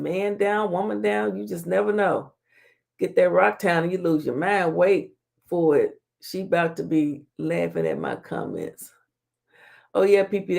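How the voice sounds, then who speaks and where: Reading viewer comments aloud on her casual live-stream talk show, a woman with a mid-range voice and vocal fry trash-talks in a playful, laughing way. She uses Southern slang like "honey" and "child."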